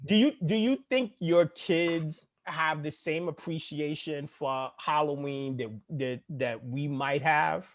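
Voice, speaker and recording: A man from Brooklyn, New York, co-hosting a podcast as a father of young kids, talking bluntly with plenty of swearing and quick laughs. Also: on the high side. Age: adult father of young kids. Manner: blunt, profane, laughs easily. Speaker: podcast co-host. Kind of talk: casual chat.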